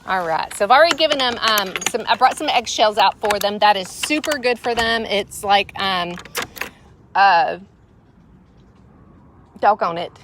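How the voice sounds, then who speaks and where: Outdoors at her home among hens, a middle-aged Southern US woman chats on a livestream as a vlog host, laughing a lot and cooing at her pets. Her mid-range voice is measured and pauses often, against noisy surroundings.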